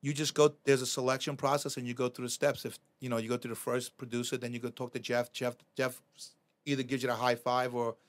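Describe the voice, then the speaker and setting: A middle-aged man, a podcast guest telling animated stories, swearing freely and acting out quoted lines. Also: mid-range voice, fast talker. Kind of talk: casual storytelling.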